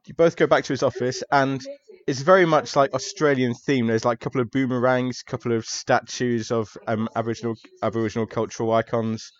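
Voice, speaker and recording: A man runs a tabletop horror game, narrating in a relaxed, chatty way. The sound is a little dull and lo-fi. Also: mid-range voice, fairly quick. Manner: relaxed, chatty narration with frequent ums and laughs. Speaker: game master.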